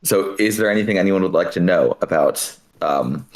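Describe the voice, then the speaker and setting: Very deep-voiced man asking questions. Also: normal speed, rough recording. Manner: questioning, hesitant, repeats words. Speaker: player. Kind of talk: casual tabletop game chat.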